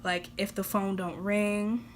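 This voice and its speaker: A woman's voice: mid-range voice, flat delivery, slow, slight background noise. A young woman talking to camera in a casual vlog, blunt and exasperated, joking and laughing between points. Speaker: vlogger.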